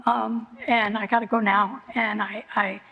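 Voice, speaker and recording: A middle-aged woman with a medium-pitched, level voice speaks unhurriedly, giving a personal testimony at a recovery meeting. She tells her story in an earnest, repetitive, emotionally open way. The recording from the meeting hall is muffled, with long hall reverb.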